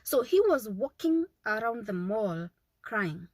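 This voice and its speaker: A woman's voice: mid-range voice, sing-song, takes it slowly, no echo, low-quality recording. A woman in her thirties giving earnest, repetitive parenting advice to camera, often checking in with "okay?". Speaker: parenting vlogger, mother. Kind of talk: casual advice talk to camera.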